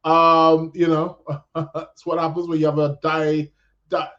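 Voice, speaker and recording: British guy rambling on his podcast, kinda high voice, muffled lo-fi sound. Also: completely flat delivery, measured pace, a bit bright. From England. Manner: rambling, many restarts, chatty. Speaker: podcast host. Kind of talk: casual live-stream chat reading comments. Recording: dull lo-fi sound.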